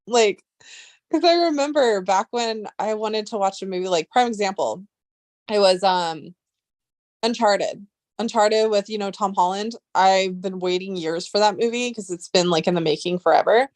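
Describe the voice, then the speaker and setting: Excitable woman rambling on a livestream. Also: medium pitch, normal speed, no room sound. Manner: rambling, excitable, swears freely. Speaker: livestream host. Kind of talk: casual livestream chat.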